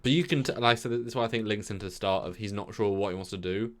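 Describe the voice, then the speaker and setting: A man's voice: fairly low pitch, very fast. A man co-hosting a review show, chatting casually and acting out quoted lines. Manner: chatty, repeats words, lively quoted asides. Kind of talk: casual episode review chat.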